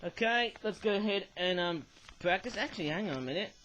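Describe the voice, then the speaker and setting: High-voiced man reviewing toys. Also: lively intonation, a little fast, a bit bright, a little hiss or hum, rough recording. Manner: rambling, tags sentences with "eh?". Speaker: toy reviewer. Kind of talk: casual toy review.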